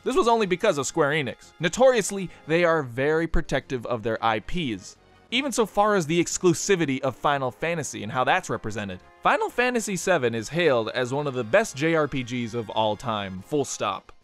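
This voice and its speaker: A man's voice: a little high, big pitch swings, brisk, a bit bright, soft background music. A man giving scripted video essay narration, slipping in dry, joking asides.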